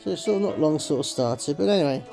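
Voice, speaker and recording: Gravelly man rambling through game commentary. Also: fairly high pitch, expressive, fast, over music, rough recording. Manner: rambling, heavy use of "sort of" fillers; addresses viewers as folks. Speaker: host of slot game videos. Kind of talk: casual gameplay commentary.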